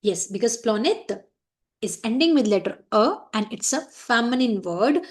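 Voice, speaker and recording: A woman's voice: fairly high pitch, lively intonation, moderate pace. A middle-aged Indian woman teaching French, explaining each phrase and firmly warning students about common mistakes. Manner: switches between French, English and Hindi, explaining each phrase; firm, scolding reminders about mistakes. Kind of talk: classroom lesson explaining a letter.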